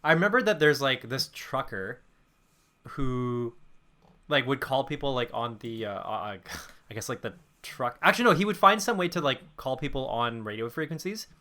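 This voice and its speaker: A young man co-hosting a casual podcast, chatty and quick to laugh. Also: medium pitch, animated, sharp tone. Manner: chatty, quick to laugh, reads aloud haltingly. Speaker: podcast co-host. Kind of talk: casual chat.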